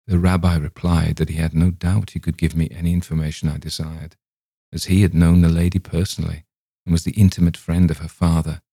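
A man reading a Victorian ghost story aloud in a steady, literary first-person narration. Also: low-pitched, a little fast, vocal fry, husky, dry recording, studio quality. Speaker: audiobook narrator.

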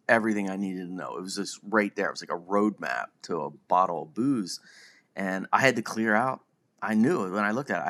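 Deep-voiced man musing on his own life. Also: a bit bright. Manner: reflective, self-deprecating, chuckles often. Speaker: podcast host. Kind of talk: casual personal monologue.

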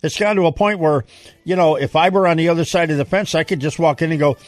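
A man hosting a live talk radio show, brisk and punchy, backing his guest with quick agreements. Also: a little high, dry recording, soft background music. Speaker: radio host.

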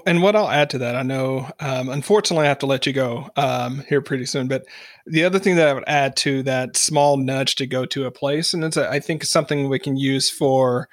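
A man's voice: a little high, a bit bright, no room sound. Chatty man hosting, dry close sound. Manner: conversational, many fillers and restarts. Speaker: podcast host. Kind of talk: casual interview chat.

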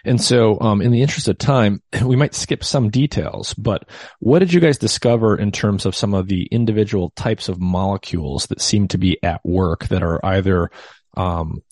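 Low-voiced male podcast host. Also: darkish tone, dry recording, clean studio sound. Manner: conversational, thinking aloud with fillers. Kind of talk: podcast interview.

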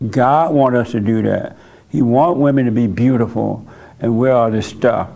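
Play a stubborn old woman laying down the law, as a male preacher quotes her in a story. Keep it slow and unhurried, mid-pitched and plain, with every point sounding settled. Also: creaky, warm tone. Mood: insistent. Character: stubborn old woman lecturing a man in a shop.

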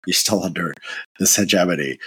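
A man's voice: sits low, fairly quick, pushed and bright, breathy edge. A man with a sick-sounding voice, talking in a casual, hesitant monologue as a commentator, with many restarts and fillers. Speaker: political commentator.

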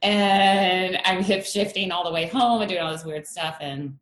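Woman guest, 30s, lowish voice, candid storyteller, echoey room with faint hum; laughs easily. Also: unhurried. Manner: candid, laughs often, acts out her past thoughts. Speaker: strength coach, guest. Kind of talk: conversational interview storytelling.

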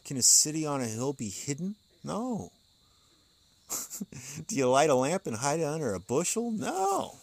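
Laid-back man musing on a porch. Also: medium pitch. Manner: musing and conversational, chuckles often, reads passages aloud. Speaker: podcast host reading and explaining an occult text. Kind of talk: casual spoken commentary. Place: outdoors on a porch at night.

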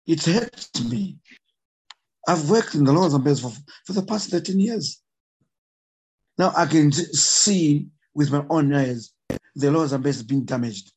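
A man's voice: fairly high pitch, darkish tone, slight background noise, low-quality recording. A man from Zambia with a Zambian accent, an emotional conservationist guest who speaks earnestly and repeats his points for emphasis. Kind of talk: impassioned interview talk.

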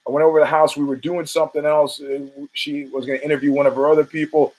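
Guy doing a podcast, kinda high voice, swears a lot, rambles thru stories and does the voices. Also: level tone, fast, a little mellow, low-quality recording. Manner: loose, swearing, acts out quoted voices. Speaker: podcast host. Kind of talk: profane storytelling monologue.

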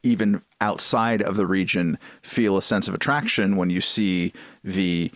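A man with a very low voice chats casually on a podcast. His speech is loose and full of fillers, and the sound is dry and close. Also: measured pace, a bit bright, no room sound. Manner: loose, filler-heavy talk. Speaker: podcast co-host. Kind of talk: casual conversational chat.

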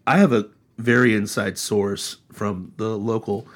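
A man hosting a casual political chat podcast, sarcastic and animated. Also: fairly low pitch, a little slow. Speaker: podcast host.

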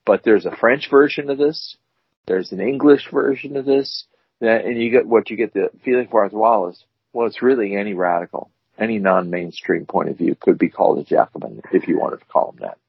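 A man's voice: lowish voice, a little fast, creaky, breathy edge, no room sound. A man co-hosting a casual chat show, joking and rambling as he tells stories. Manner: animated, joking, rambling storyteller. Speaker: co-host. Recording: dull, dry lo-fi audio.

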